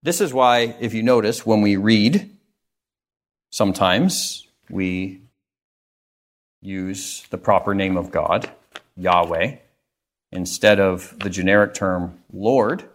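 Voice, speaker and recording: A man's voice: on the low side, takes it slowly, long pauses. A male pastor giving an earnest, emphatic sermon, reading scripture and stressing key phrases.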